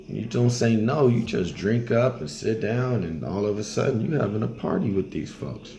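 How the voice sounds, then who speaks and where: A man casually telling travel stories in a loose, colloquial way, now and then acting out other people in high voices. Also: moderate pace, vocal fry, hardly any pauses, mellow. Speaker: travel storyteller. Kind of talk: casual storytelling.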